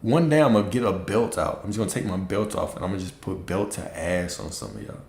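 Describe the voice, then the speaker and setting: Man, low voice, blunt preachy coaching talk, echoey room. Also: expressive, fast talker, a little mellow, a little hiss or hum. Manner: blunt, preachy, profane, mocks listeners in high put-on voices. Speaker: manifestation coach. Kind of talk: casual livestream talk.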